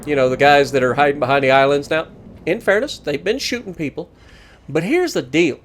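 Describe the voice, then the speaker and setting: A man narrating his own gameplay with a joking, teasing manner. His voice sits a touch high and swings widely in pitch. He sounds lively and entertained throughout. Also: brisk, slight background noise. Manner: animated, joking, teasing opponents. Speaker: gaming channel host. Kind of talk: gameplay commentary.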